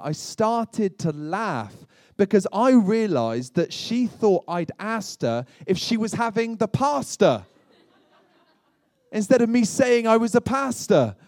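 A man's voice: sits high, animated, a little slow, darkish tone, dry recording. A British man preaching as a pastor, telling light humorous stories with chatty asides to his congregation. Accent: British English. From Britain. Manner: chatty, self-deprecating storytelling with asides to the congregation. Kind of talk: humorous sermon.

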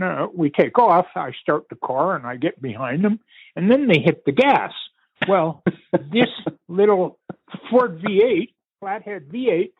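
An older man with a high-pitched, husky voice recounts a family story in conversation over a tinny, phone-like line. The recording is dry with no room sound, and his storytelling is unhurried and vivid, full of pauses and restarts.

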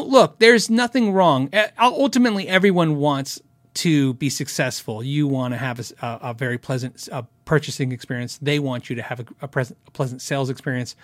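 A man's voice: mid-range voice, a bit bright, no echo. A middle-aged man hosting a casual live show, chatting and giggling as he rambles through stories and viewer questions. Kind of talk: casual live-stream chat.

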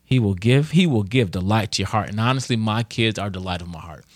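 Middle-aged male devotional speaker, earnest and conversational, lively pitch, dry room. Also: a little fast, dry recording. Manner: earnest and conversational, acts out kids' voices. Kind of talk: informal devotional teaching.

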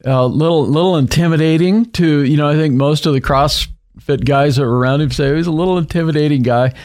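A man's voice: a little high, a little fast. A man, an author being interviewed, telling a story conversationally and acting out what people said. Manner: animated retelling with acted quotes and laughs. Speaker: author and guest.

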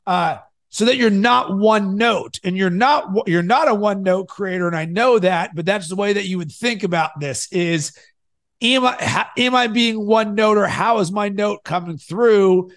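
A man hosting a podcast and coaching his guest, energetic, swinging between loud and soft to make his points. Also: high voice, a little slow. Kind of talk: coaching conversation.

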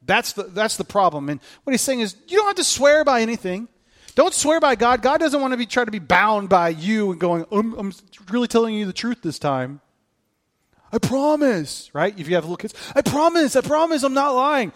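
Joking pastor with a lively voice. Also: male voice, sits high, normal speed. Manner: casual and joking, with lively acted-out quotes. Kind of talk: conversational sermon.

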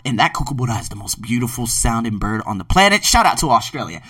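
Animated male podcast host, bright tone. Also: fast, few pauses, dry recording, distant mic. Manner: animated, emphatic, swings from loud outbursts to low murmurs. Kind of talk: podcast book review monologue. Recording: dry, set back from the mic.

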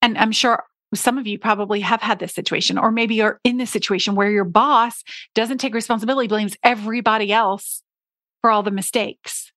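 A woman's voice: mid-range voice, fairly even intonation, brisk, fairly bright tone, dry recording, studio quality. A woman in her forties hosting a solo podcast, talking to her listeners in an earnest coaching way and acting out her own past complaints. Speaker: podcast host, business coach.

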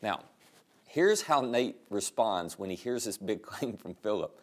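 Animated storytelling male pastor. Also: fairly low pitch, a little slow. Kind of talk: sermon.

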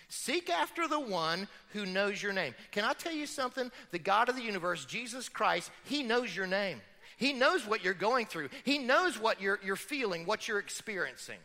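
A middle-aged man preaches a sermon in a church, pressing home his points with rhetorical questions. His voice sits high and bright, swinging widely in pitch. A long hall reverb trails each phrase. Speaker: pastor. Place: church sanctuary.

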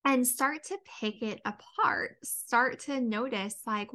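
A woman's voice: fairly high pitch, measured pace, few pauses, sharp tone. A woman hosting a podcast as a dietitian and mindset coach, talking earnestly with lots of "um" and "you know". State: tearing up, near crying. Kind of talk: heartfelt solo podcast talk.

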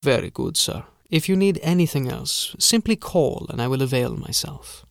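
A man voicing a sinister, formal castle steward who speaks softly and drags out his vowels. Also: medium pitch, animated, gravelly, dry recording, clean studio sound. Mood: sinister calm. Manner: soft, measured, drawn-out vowels.

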